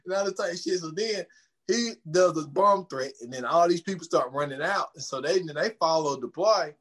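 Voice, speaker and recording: Male podcast host, slightly high voice, loose and profane, animated scene recaps. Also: a little fast. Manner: profane, animated retelling with quoted dialogue. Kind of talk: casual chat.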